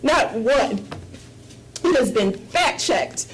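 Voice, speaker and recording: A woman's voice: sits high, lively intonation, slow, slight background noise, low-quality recording. A woman speaking as a university board trustee, making an impassioned, emphatic statement at a board meeting and repeating her points for effect. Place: meeting room.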